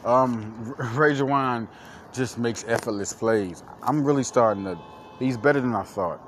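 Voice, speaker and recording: A man's voice: mid-range voice, a little slow, a bit bright, slight background noise. A man hosting a solo sports podcast, hyping players and repeating himself with lots of slang and "baby". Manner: hype, repetitive, calls listeners "baby". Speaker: podcast host.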